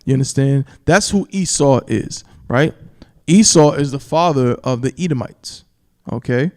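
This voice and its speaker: A man teaching from the Bible on a live stream, emphatic, repeating "you understand?" and slowing down to stress key words and scripture. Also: medium pitch, a little mellow. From New York. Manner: reads scripture in a slow, solemn cadence.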